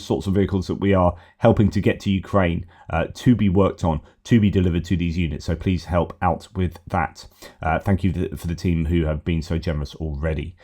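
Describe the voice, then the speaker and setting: A deep, darkish-toned voice belongs to a middle-aged British man who hosts a war news channel. His update is casual news commentary, rambling as he thinks aloud and correcting himself along the way.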